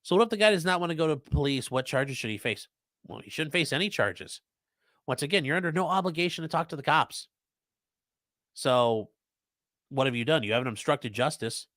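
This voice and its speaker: A man's voice: fairly high pitch, lively intonation, a little fast, fairly bright tone, no echo, clean studio sound. A man hosting a live stream who reads viewer comments aloud and answers them in a blunt, profane, conversational way.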